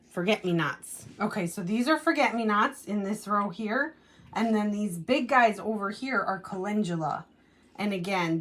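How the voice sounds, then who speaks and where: A woman's voice: medium pitch, fairly bright tone. A woman hosting a casual gardening vlog, chatting upbeat about her seedlings indoors, with lots of "um" and "like". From United States. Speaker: gardening channel host. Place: indoors at a window plant rack.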